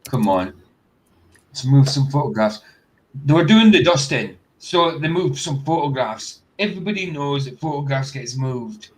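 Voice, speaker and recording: A man's voice: medium pitch, lively intonation, normal speed, low-quality recording. A man hosting a casual reaction stream, bluntly skeptical and firing off rhetorical questions. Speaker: host.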